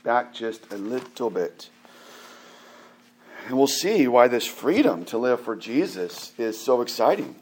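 A man in his forties delivers a sermon in an easygoing, conversational tone. He often stumbles over restarts and filler words, then lifts into louder, emphatic stretches to press a point. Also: mid-range voice, lively intonation, unhurried. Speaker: pastor.

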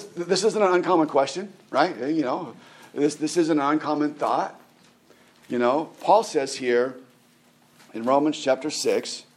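A middle-aged man giving a conversational sermon as a pastor, often restarting his words and asking the listeners rhetorical questions. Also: a little high. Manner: halting, repeats words, asks rhetorical questions.

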